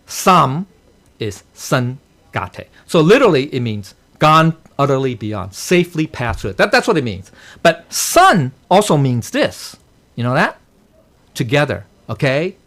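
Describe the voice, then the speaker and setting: A man leads a temple study class, his pitch leaping up and down as he explains a sutra line by line. He keeps asking "okay?" and "right?" to check that the room is following, and chuckles now and then at his own jokes. His voice sits at an ordinary middle pitch. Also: big pitch swings, a little slow, fairly bright tone. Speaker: dharma teacher.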